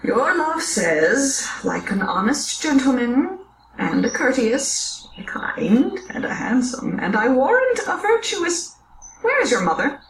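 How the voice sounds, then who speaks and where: A woman's voice: high voice, very animated, takes it slowly, a little hiss or hum, full character voice. A woman reading the part of a rambling, complaining old nurse aloud in a classroom, groaning and teasing as she goes. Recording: roomy, picked up from far off.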